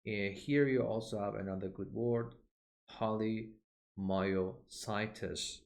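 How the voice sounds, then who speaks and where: A slow, low-voiced man with a steady tone teaches medical English vocabulary from a textbook. He speaks deliberately, repeats words to demonstrate pronunciation, uses "uh" frequently and points at the page.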